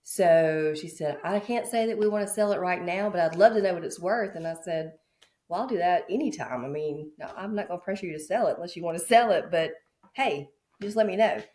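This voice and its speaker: A woman realtor from Mississippi telling a lively story on a podcast, acting out the people she quotes. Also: lowish voice, a little fast. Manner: animated, acts out quoted voices. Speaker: realtor guest.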